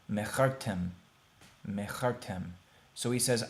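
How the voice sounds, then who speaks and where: A man teaching a beginners' Hebrew lesson over a shared screen, talking plainly and repeating words slowly for pronunciation. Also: lowish voice, fairly even intonation. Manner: plain, conversational, thinks aloud with fillers.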